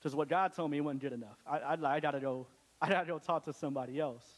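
A man's voice: a little high, fast. A young man giving a casual, joking testimony to a church congregation, with lots of restarts. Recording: long hall reverb.

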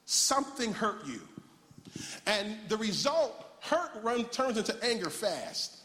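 A man preaching, his voice sitting high. He banters playfully with the congregation between points, and his words ring out with a long reverb through a large church hall. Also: sing-song, takes it slowly, sharp tone. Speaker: pastor. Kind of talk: sermon.

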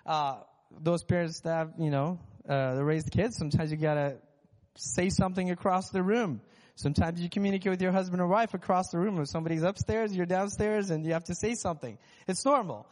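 A man's voice: high-pitched, steady tone, brisk, darkish tone. Reverberant man sharing a church testimony. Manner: candid, self-deprecating storytelling. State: recovering from lost voice. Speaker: worship leader. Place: church sanctuary.

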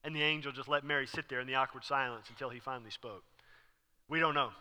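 A man preaching a sermon as pastor, talking casually and acting out the scene with sudden loud bursts. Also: medium pitch, steady tone, quick pace, clear, resonant tone. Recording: long reverb hall.

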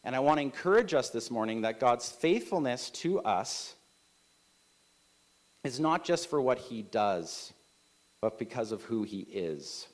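A man's voice: medium pitch, sing-song, a little slow. Chatty preacher man. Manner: conversational, many filler likes and rights, rising emphasis. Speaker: pastor. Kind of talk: sermon.

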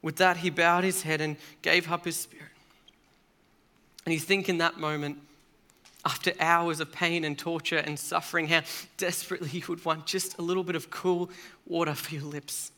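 Male preacher, fairly high, bright, earnest sermon delivery with weighty pauses. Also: level tone.

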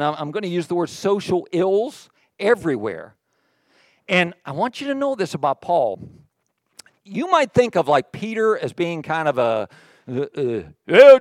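Here a high-voiced male pastor preaches with animation, the audio close and dry, barely any echo from the church around him. Quiet, sarcastic jokes aimed at the congregation alternate with loud, forceful passages he reads aloud.

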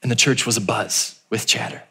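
A man preaching a sermon as pastor, telling the story and acting out the townspeople in a raised voice, then dropping low and quiet for emphasis. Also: fairly even intonation, a little fast, husky.

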